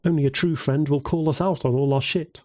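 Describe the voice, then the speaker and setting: A man's voice: a little high, steady tone, a little fast, darkish tone, close to an everyday voice. A male narrator voicing a frank, earnest young woman who speaks with firm conviction.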